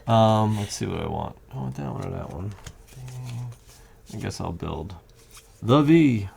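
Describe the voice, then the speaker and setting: A man's voice: fairly low pitch, animated, measured pace, gravelly, mellow, a little hiss or hum. A man in casual chat at a home game table, explaining rules step by step as he plays. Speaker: board game player. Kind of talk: casual chat while playing. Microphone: condenser mic.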